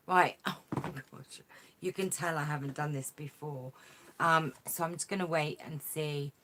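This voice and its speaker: A woman with a low voice chats warmly and rambles through a live stream, full of "um"s and gushing reactions. She talks into a tablet's built-in mic at her craft desk at home, with a faint hiss in the background. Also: moderate pace. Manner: chatty, rambling, effusive, many fillers. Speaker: craft vlogger hosting a live chat. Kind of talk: casual live-stream chat. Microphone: tablet camera mic.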